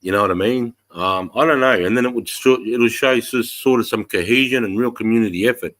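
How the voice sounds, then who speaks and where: A man's voice: medium pitch, brisk, a bit bright. An Australian man hosting a casual livestream chat, ranting with heavy swearing. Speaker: livestream host.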